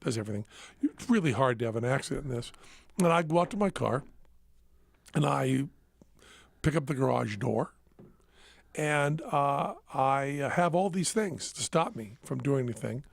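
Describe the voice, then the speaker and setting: Podcast host, male, gravelly voice, self-mocking storyteller, dry close mic. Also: medium pitch, animated, moderate pace, long pauses, no room sound. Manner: rambling, self-mocking, laughs at his own stories. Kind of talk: casual storytelling chat. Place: studio.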